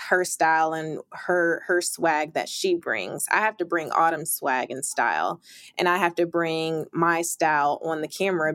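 A woman's voice: low-pitched, a bit bright, no echo. Upbeat, emphatic young woman reporter. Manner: upbeat, emphatic, quick bursts with laughs. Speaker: sports reporter guest. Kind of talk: interview.

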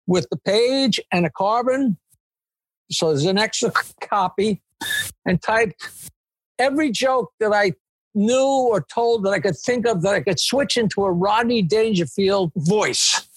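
An older man, a comedian telling a story in an interview, animated and digressive. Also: high-pitched, a little slow, breathy edge, dry recording. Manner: animated, digressive storytelling with swearing and quoted voices. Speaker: comedian, guest.

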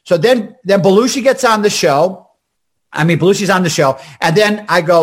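An older comedian from Scranton is spinning stories in a fast, animated way, often doing the voices of the people he quotes. His voice sits high for a man, and he keeps stumbling into restarts as he pushes ahead. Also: slightly rough. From Scranton, Pennsylvania. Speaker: comedian and actor guest. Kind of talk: storytelling interview chat.

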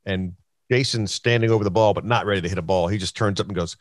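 A man's voice: sits low, fast, no room sound, clean studio sound. A middle-aged man hosting a golf chat show, telling a long story with quoted voices and plenty of fillers. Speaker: host.

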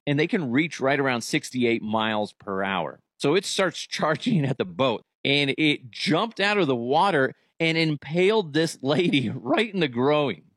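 Animated, profane male comedy host. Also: medium pitch, no room sound, clean studio sound. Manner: animated and profane, jumps into silly voices. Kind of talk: comedic news commentary.

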